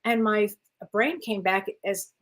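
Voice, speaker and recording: A woman's voice: mid-range voice, slow pace, fairly bright tone. A woman co-hosting a spiritual talk show, chatting casually and gushing with enthusiasm. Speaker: co-host and spiritual medium. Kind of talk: casual chat.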